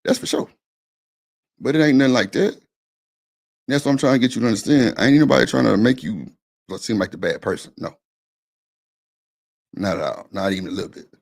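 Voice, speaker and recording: A man's voice: mid-range voice, expressive, a little fast, creaky, long pauses. A man hosting a live-stream panel, arguing his point in a blunt, profane, insistent way. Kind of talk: heated casual argument.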